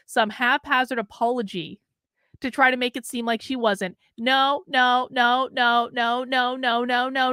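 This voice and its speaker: A woman's voice: fairly high pitch, fairly bright tone, smooth, dry recording, studio quality. A woman hosting a political commentary show, reading news stories aloud and breaking in with sarcastic, scornful asides that ramble.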